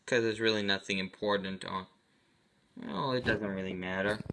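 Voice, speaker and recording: A man's voice: lowish voice, fairly even intonation, normal speed, pushed and bright, a little hiss or hum. A man hosting his own tech channel, talking casually through a computer walkthrough with an offhand, rambling manner, often correcting himself mid-sentence.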